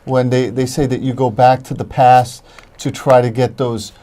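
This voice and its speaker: A man co-hosting a casual chat about movies and TV, halting and searching for words. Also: medium pitch, flat delivery, dark tone. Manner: halting, searches for words, chimes in with short replies.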